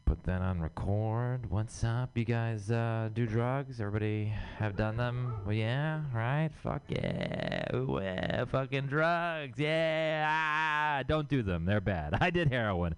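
A man's voice: mid-range voice, sing-song, slow pace, few pauses. A young man from Texas doing a crude, rambling, self-mocking stand-up set. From Houston, Texas. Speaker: stand-up comedian. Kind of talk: stand-up set at open mic.

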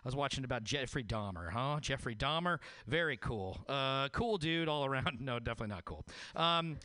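A man tells jokes at an open mic with sarcastic, animated delivery. His voice is bright and sharp and swings widely in pitch. The sound is close and dry. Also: brisk, no room sound. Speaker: stand-up comedian.

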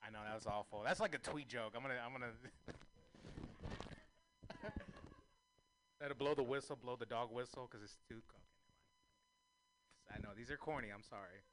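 Crude, bright-voiced stand-up comic man. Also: medium pitch, a little fast, long pauses, slight background noise. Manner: crude, self-mocking, swings to loud shouting. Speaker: stand-up comedian. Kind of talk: stand-up comedy set.

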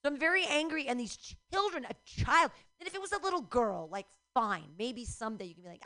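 A middle-aged woman doing a stand-up comedy set, ranting profanely and breaking into shouts. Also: high-pitched, big pitch swings, brisk, few pauses.

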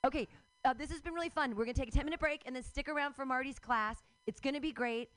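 A middle-aged woman performs a rambling stand-up set at a live show, breaking into loud outbursts and laughing at her own jokes. Her voice is high-pitched and quick, and the recording is dry.

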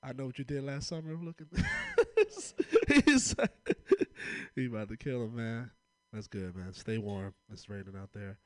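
A man's voice: medium pitch, moderate pace, dry recording. A young man from Oakland doing a loose, rambling stand-up set full of laughter. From Oakland, California. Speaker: stand-up comedian.

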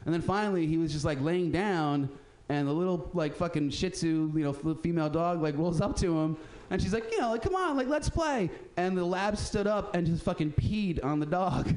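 A man's voice: a little high, fairly even intonation, normal speed, a little mellow. A man hosting a radio show, telling street stories in a casual, profane way and acting out the people he quotes. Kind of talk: casual storytelling chat.

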